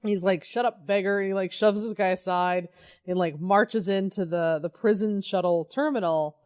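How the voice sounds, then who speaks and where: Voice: medium pitch, steady tone, normal speed, darkish tone, clear, resonant tone. A co-host recaps a plot in an easygoing, rambling way, swearing casually along the way. The voice sits in the middle range, and the talk stays conversational. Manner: laid-back, rambling, profane plot recap. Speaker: podcast co-host. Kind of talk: casual chat.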